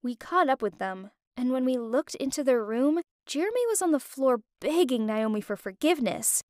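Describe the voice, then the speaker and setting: Casting: young woman storyteller, high voice, dry close sound, emotive first-person telling. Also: sing-song, normal speed, few pauses, darkish tone, no room sound.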